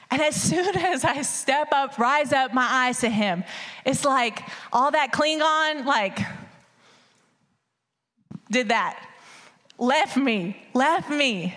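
High, bright-voiced woman preaching. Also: slow, long pauses. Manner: animated, hyped, addresses crowd as y'all. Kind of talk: energetic sermon. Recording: long hall reverb.

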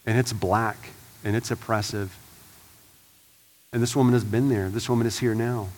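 A man preaching a sermon as pastor, swinging from hushed and slow to loud and urgent. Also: on the low side, fairly even intonation. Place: church sanctuary.

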